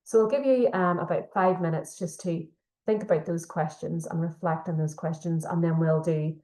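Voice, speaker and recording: A woman's voice: fairly low pitch, steady tone, normal speed, a little mellow. A woman facilitating a leadership training session, explaining steadily with frequent fillers. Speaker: workshop facilitator. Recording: echoey room.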